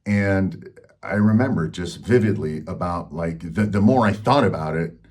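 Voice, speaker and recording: A man's voice: deep voice, moderate pace, darkish tone. A man hosting a health channel, telling a personal story in a frank, rambling way with lots of fillers.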